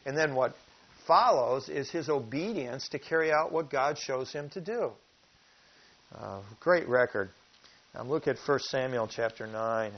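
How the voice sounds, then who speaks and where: Slow-paced preacher man, lo-fi sound. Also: medium pitch. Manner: teaching from scripture, asking the listeners questions; reads verses slowly and with emphasis. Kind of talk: sermon. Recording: dull lo-fi recording.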